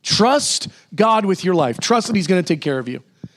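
A male pastor delivers an animated sermon, breaking into sudden high exclamations and repeating himself slowly and emphatically.

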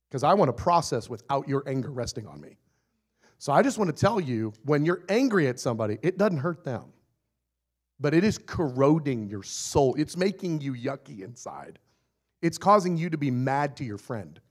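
Playful, animated male preacher. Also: medium pitch, normal speed. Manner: animated and playful, acting out little scenes, often laughing. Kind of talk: sermon.

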